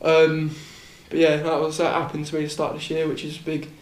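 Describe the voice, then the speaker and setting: A man's voice: fairly high pitch, completely flat delivery, a little fast, echoey room. A young man on a casual podcast, telling a rambling story, repeating words and swearing casually. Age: young adult. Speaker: podcast host.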